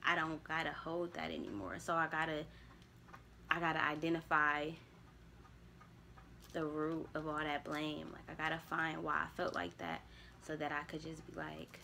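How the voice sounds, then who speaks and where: Gravelly low-voiced woman talking candidly. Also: normal speed, pushed and bright, a little hiss or hum. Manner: candid, spiritual, motivational, swears casually. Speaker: vlogger. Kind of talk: casual reflective monologue.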